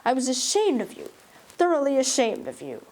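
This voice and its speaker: A woman's voice: sits high, huge pitch swings, normal speed, a little mellow, voice pushed up, poor audio. A woman doing a dry, stern older guardian. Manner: dry, reproving. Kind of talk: audiobook reading.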